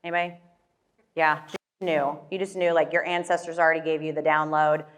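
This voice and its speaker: A woman giving a motivational talk, speaking with a slightly low voice. She tells a personal story in a loose, casual way, full of filler words. She keeps turning to the audience with quick questions. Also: little pitch movement.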